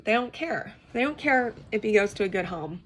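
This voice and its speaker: A woman's voice: medium pitch, expressive, moderate pace. A young woman rants to the camera about keeping reptiles. She swears, restarts her sentences and sounds exasperated. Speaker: reptile keeper. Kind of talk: ranting to camera.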